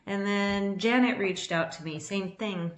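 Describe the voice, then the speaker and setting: A woman in her fifties telling a personal story to camera in an excitable, rambling way, a little nervous, with restarts and bursts of laughter. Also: mid-range voice, measured pace. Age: 50s. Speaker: vlogger. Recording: echoey room.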